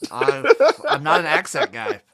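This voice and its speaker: A man's voice: a little high, animated, a little slow, crowd noise. A man co-hosting a casual sports livestream, teasing and joking while he follows the game. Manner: wry, teasing, laughs easily. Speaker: livestream co-host. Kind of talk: casual sports-watching banter.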